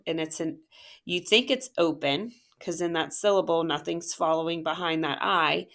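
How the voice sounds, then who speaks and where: Slow, gravelly-voiced woman teaching phonics. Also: on the low side. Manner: patient, encouraging, sounds out words slowly. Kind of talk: phonics lesson walkthrough.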